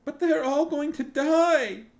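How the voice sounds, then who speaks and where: A man reading a novel aloud and voicing a small, fiery young princess who speaks in a high, tearful, pleading way. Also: normal speed, darkish tone. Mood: sobbing.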